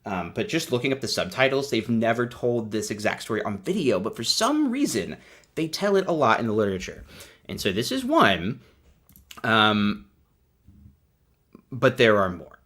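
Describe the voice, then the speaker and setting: A man's voice: mid-range voice, sing-song, moderate pace, fairly bright tone. A man hosting a livestream, giving sarcastic, rambling commentary in a casual chat. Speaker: host.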